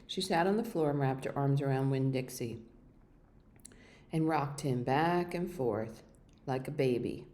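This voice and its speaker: A woman reads a children's novel aloud with steady, expressive storytelling. Her voice sits low and sounds mellow and warm. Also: unhurried, long pauses. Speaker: reader.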